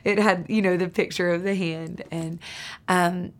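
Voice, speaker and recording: A woman guest sharing heartfelt stories in casual conversation, earnest, sometimes dropping to a soft whisper for emphasis. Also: on the low side, fairly even intonation, unhurried. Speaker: podcast guest.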